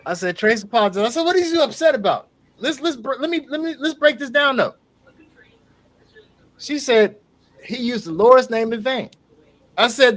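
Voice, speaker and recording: A man's voice: extremely high pitch, unhurried, pauses often. A man co-hosting a podcast in casual chat, telling stories with profanity and acting out the quotes. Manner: animated storyteller, profane, acts out quotes. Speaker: podcast co-host.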